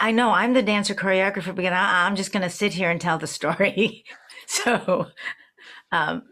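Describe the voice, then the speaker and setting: A woman in her seventies from New Orleans, telling a personal story in a reflective, wry way, slowing down for emphasis, over a video call. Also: lowish voice, a bit bright. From New Orleans, Louisiana.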